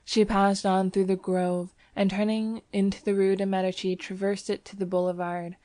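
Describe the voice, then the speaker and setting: A woman's voice: medium pitch, flat delivery, normal speed, mellow, no echo. Woman audiobook narrator, dry close sound. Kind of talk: scripted narration.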